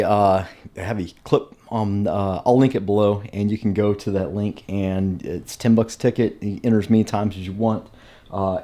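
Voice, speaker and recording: In a laid-back vlog, a man gives a tour of his home welding shop, wandering through his thoughts with frequent fillers and false starts. He has a lowish, mellow voice.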